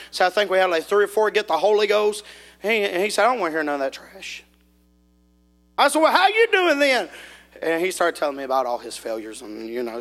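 Male preacher, bright and forceful tone, folksy and animated, recorded in a reverberant church hall. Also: a little high. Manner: folksy, animated, rises to shouting. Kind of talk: sermon storytelling.

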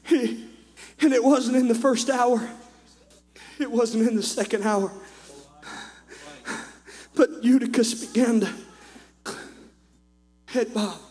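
A man with a very high voice preaches to his church, swinging from quiet asides into impassioned shouting. His voice carries a long reverb from the hall. A faint electrical hum sits underneath. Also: fairly even intonation, slow pace, pauses often. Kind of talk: sermon. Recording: echoey hall with mains hum.

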